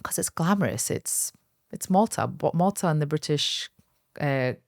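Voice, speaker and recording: A woman's voice: low-pitched, animated, normal speed, vocal fry, no room sound. Candid woman in her thirties, dry sound. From Kurdistan, north of Iraq. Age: 30s. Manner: candid, emotional storytelling with acted-out quotes. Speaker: guest, aesthetics doctor. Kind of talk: podcast interview.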